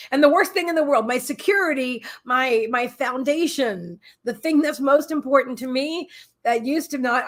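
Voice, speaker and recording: A woman hosting a psychic livestream from her apartment, talking in a candid, rambling way with many restarts. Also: a little high. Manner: candid, heartfelt. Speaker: psychic host. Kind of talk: casual livestream chat.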